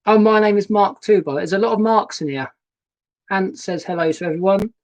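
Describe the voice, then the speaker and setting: A man's voice: high voice, a little fast, low-quality recording. Chatty man live-streaming from his boat. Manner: chatty, rambling, greets viewers by name. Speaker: narrowboat vlogger hosting a live stream. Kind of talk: casual live-stream chat. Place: narrowboat cabin. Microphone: laptop webcam and new microphone.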